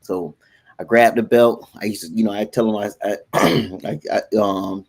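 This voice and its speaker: A man on a talk show, casually telling a family story with animated laughter. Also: fairly low pitch, normal speed, breathy edge.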